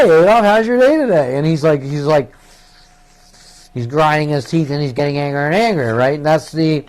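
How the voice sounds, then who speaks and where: Agitated male monologue, rambling and profane, voice pitched a bit high. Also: darkish tone. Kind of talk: rambling solo monologue to camera.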